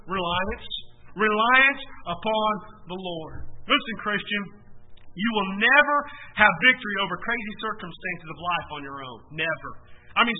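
A man preaching a sermon as a pastor, emphatic, swinging between loud swells and soft drops. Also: high voice. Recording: echoey hall, tinny phone-like sound.

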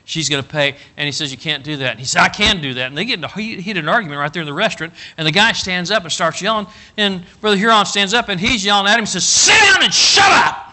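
A middle-aged man preaching a storytelling sermon, folksy and animated, rising to loud emphatic bursts. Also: high-pitched, fast, few pauses, noisy background. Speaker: pastor.

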